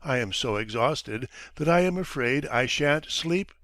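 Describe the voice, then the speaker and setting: A man's voice: medium pitch, lively intonation, measured pace, a bit bright, no echo. A man voicing a petty, self-pitying male writer who talks in a languid, moaning, self-important way.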